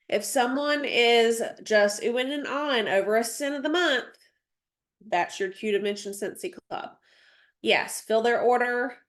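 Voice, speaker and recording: A woman's voice: a little high, fairly bright tone. A woman with a stuffy nose mentoring a sales team on a video call, chatty, with many ums and asides as she reads through slides. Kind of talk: casual training session, reading slides.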